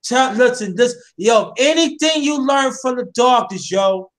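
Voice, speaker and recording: Very high-voiced impassioned male host. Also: expressive, measured pace. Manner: preachy, repeats himself, addresses listeners directly. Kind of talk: impassioned casual chat.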